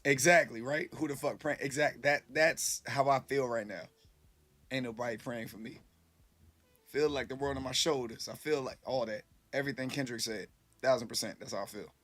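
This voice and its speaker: A man's voice: mid-range voice, brisk, a bit bright. A man casually chatting with his live-stream viewers, rambling loosely and swearing freely, a little tipsy.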